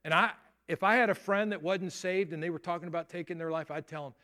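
A man's voice: high voice, fast talker, bright, forceful tone. Earnest, emphatic male pastor preaching. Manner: earnest, emphatic preaching with rising intensity and acted-out quotes. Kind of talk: sermon.

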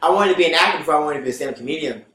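A man's voice: racing, echoey room. A young man, a stand-up comedian, telling a story in a casual interview, acting out the voices of the people in it and laughing often. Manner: animated, acts out quotes with big pitch jumps, laughs often.

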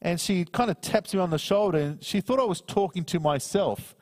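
A middle-aged minister with a high, expressive voice preaches a sermon in a large hall. He earnestly reads scripture, slowing down for those passages, and shares a personal story.

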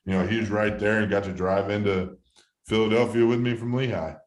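A man in his thirties with a very low voice, recalling his playing days in a loose, rambling way that keeps restarting. The talk is heartfelt and easy. The room is echoey and lively around him. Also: fairly quick. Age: 30s. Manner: rambling, emotional storytelling with many restarts. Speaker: former baseball player, guest. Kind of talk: casual storytelling interview.

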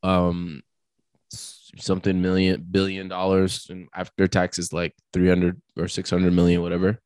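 A man co-hosting a podcast in casual chat, hoarse from illness, agreeable and easygoing. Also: low-pitched, monotone, unhurried, a little mellow, no room sound. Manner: agreeable, frequent backchannel "right". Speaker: podcast co-host.

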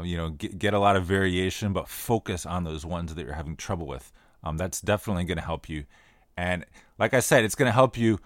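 Podcast co-host, male, lowish voice, casual explainer, dry close sound. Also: no echo. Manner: relaxed, repeats phrases while explaining.

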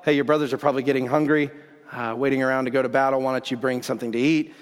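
A man's voice: medium pitch, steady tone, very fast, clear, resonant tone, lightly acted. A preacher voicing a fatherly older man in a reverberant hall. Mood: offhand. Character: fatherly older man sending his son on an errand.

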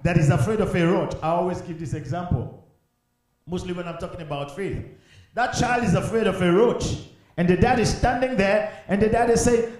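High-voiced preacher in an echoey hall. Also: male voice, a little mellow. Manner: emphatic, repetitive, calls for the congregation to answer. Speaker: pastor. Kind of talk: sermon.

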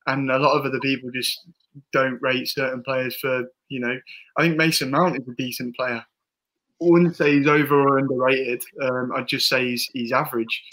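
A man with a bright, forward voice talks football on a casual podcast. He rambles, restarts his sentences and gives firm opinions. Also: mid-range voice, little pitch movement, normal speed, low-quality recording. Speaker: podcast co-host.

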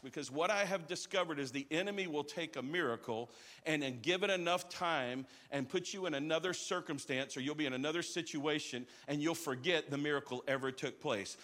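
Male pastor, somewhat high and forceful voice, energetic live sermon with call-outs, long sanctuary echo. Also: a little fast. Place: large church auditorium.

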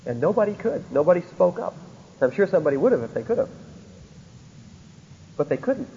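A man's voice: sits high, sing-song, a little fast, creaky, dark tone, slight background noise. A man teaching a Bible lecture, often stopping to ask his listeners rhetorical questions to check they follow. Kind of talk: recorded theology lecture. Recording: dull lo-fi recording in a reverberant hall.

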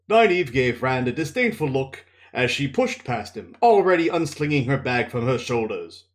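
Man, podcast host, casual book recap, lively expressive pitch, relaxed delivery. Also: moderate pace, few pauses, echoey room. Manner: relaxed, thinking aloud with restarts.

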